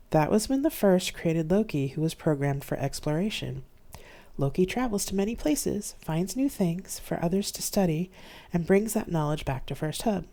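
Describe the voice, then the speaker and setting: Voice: medium pitch, dark tone. An author reading their own science fiction novel aloud on a live stream, telling the story steadily in the first person.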